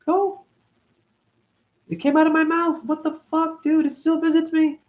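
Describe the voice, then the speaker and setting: A man's voice: little pitch movement, a little slow. A man in his forties hosting a rambling, profane livestream talk. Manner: profane, rambling, jumpy pitch swings. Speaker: host.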